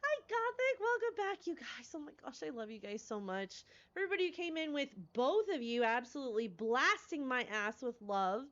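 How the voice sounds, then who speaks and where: On a somewhat muffled recording with a clean, room-free tone, a woman game streamer with a medium, slightly bright voice chats live with viewers. She rambles, gushes, and effusively thanks her chat.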